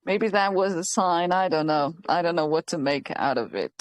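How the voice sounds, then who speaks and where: A woman hosting a casual chat, telling an animated story with lots of quoting, laughing and restarts. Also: lowish voice, normal speed, dry recording. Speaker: host.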